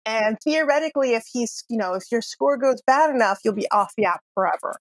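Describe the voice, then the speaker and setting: A woman's voice: a little high, expressive, a little fast, dry recording. A woman narrating as game master of a tabletop game, chatty with frequent laughs and fillers.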